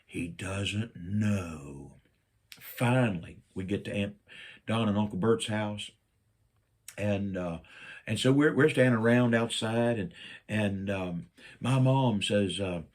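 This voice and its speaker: A man's voice: lowish voice, animated, unhurried, a little mellow. An older man from Virginia, telling a family story in a folksy, playful way and acting out each person in it. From Virginia, USA.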